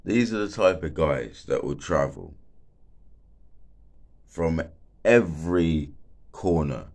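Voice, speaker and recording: A man's voice: extremely low pitch, expressive, slow pace, a little mellow. A young man, a bit stoned, rambling casually and swearing a lot, peppering every sentence with filler words. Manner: rambling, swears a lot, fills with "like, literally" and "mate". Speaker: former football stadium security worker.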